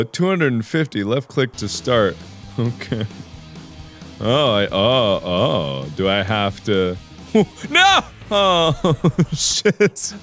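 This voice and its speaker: A young man playing a game on camera, laughing often and shouting excitedly at what happens on screen. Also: a little high. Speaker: gaming host. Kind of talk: let's play commentary.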